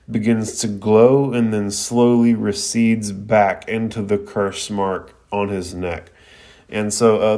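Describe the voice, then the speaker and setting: A young man with a lowish voice recaps an anime episode in a casual podcast. He talks in a laid-back, slangy way and leans on fillers as he goes. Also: a little mellow.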